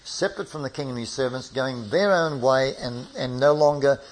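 A man giving a Bible study lecture, reading scripture aloud and putting questions to his listeners in a measured way. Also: medium pitch, low-quality recording. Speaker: Bible teacher.

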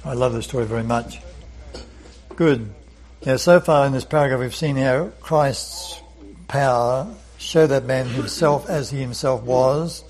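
A man's voice: mid-range voice, darkish tone, low-quality recording. A man leading a Bible study lesson, earnest, often repeating words and asking rhetorical questions.

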